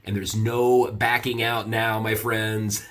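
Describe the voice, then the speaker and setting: A man's voice: lowish voice, level tone, slow, a bit bright, a little hiss or hum. A man from the United States chatting animatedly in a casual vlog, laughing easily as he tells stories. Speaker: vlogger. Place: indoor room at home. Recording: echoey room, mic at a distance.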